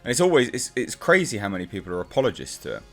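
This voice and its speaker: A man delivers a casual review with sarcastic exasperation. His voice sits fairly low but leaps up and down with lively swings. Faint music plays underneath. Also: rapid-fire. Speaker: comic book reviewer.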